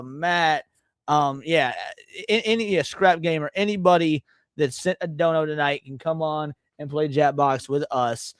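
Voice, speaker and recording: A man's voice: a little high, smooth, dry recording, studio quality. Chatty male stream host. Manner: loose, rambling, stumbles over words. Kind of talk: casual livestream chat.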